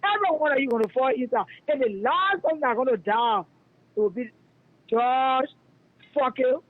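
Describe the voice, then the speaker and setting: A man's voice: very high-pitched, animated, normal speed. A man with a Liberian English accent calling in to a radio show, delivering a fiery, repetitive rant that denounces people by name. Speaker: radio caller. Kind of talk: heated call-in rant. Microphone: phone. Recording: tinny phone line.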